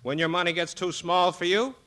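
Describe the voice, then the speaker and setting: A man's voice: high-pitched, a little fast. Sardonic man on noisy old radio. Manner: dry, sardonic, laughs at his own lines. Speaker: pianist and comic guest. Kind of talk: 1940s radio comedy. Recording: old radio broadcast with noise.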